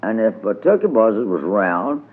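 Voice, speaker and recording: A man's voice: fairly low pitch, sing-song, moderate pace, breathy edge. A man voicing a sly, wheedling male rabbit in a storybook tale, drawing out his coaxing words, on a tinny old radio recording.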